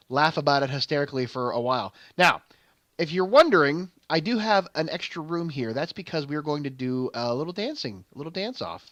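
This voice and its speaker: This young adult gaming host speaks on the high side with a fairly bright tone, and there's no room sound. He recounts a lengthy stage story in loose, casual commentary crowded with fillers and restarts.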